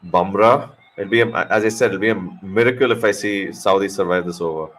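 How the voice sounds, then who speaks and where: A man hosting a casual live cricket watch-along, excitable and joking, cursing freely at the action. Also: low-pitched, a little fast, rough recording. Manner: excitable, swears, jokes. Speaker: live stream host.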